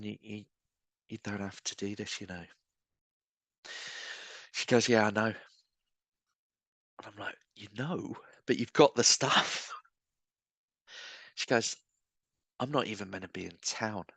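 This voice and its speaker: A man's voice: on the low side, a little slow, vocal fry, long pauses, pushed and bright, no room sound. A man, a street evangelist guest, telling stories earnestly and acting out the voices of people he quotes. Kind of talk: storytelling conversation.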